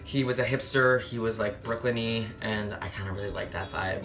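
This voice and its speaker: A young man telling a comedic dating story to camera, sassy, animated and profane. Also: medium pitch, moderate pace, hardly any pauses, soft background music. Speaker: travel vlogger.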